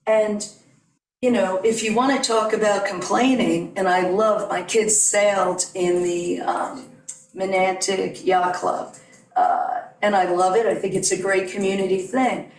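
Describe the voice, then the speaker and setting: A woman's voice: medium pitch, fairly even intonation, a little slow, slight background noise. A middle-aged woman giving earnest, digressive public comment in support of a neighbor at a town meeting. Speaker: neighbor speaking at a public hearing. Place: town meeting room at a podium. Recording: distant mic in an echoey room.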